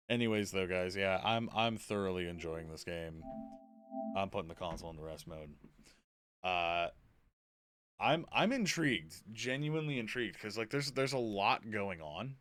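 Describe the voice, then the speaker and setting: A man's voice: deep voice, lively intonation, measured pace, long pauses, fairly bright tone, no room sound. A young man streaming a game, chatting casually and rambling while he plays. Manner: rambling, chatty, self-interrupting. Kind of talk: casual live-stream chat.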